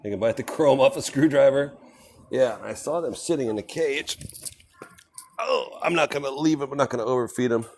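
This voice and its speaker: On a casual walking live stream through a small shop and outdoor street, a man talks with viewers, speaks to animals along the way and laughs frequently. His mid-range voice is a little mellow at a moderate pace, and a slight hiss or hum is audible.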